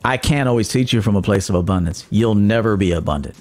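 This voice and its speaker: A man with a slightly mellow voice talks at a quick clip, hosting his own dating-coach podcast. His blunt, profane monologue mocks others, and he laughs at his own jabs while mimicking commenters in a high, mocking voice.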